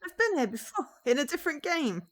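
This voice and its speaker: A woman's voice: sits high, big pitch swings, fairly quick, a bit bright, no echo. A woman streamer chatting casually and playfully while playing a game. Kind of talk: casual let's-play commentary.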